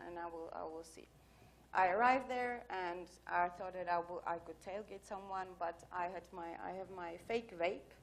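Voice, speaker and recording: A woman giving a conference talk, telling anecdotes in a chatty way full of fillers. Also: mid-range voice. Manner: chatty, storytelling with many fillers. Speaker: conference speaker. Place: conference hall.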